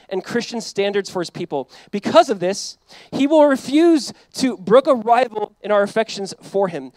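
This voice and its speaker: A man's voice: high-pitched, darkish tone, no echo. A male pastor preaching a sermon in a conversational way, full of asides and acted-out quotes. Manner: conversational preaching, acts out quoted voices, frequent "like".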